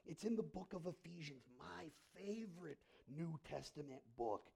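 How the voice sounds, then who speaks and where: A male pastor preaching in a lively, conversational way, telling stories and acting out the quotes. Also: a little high, moderate pace, creaky, slightly rough. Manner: animated, conversational, acts out quotes. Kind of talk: sermon with storytelling.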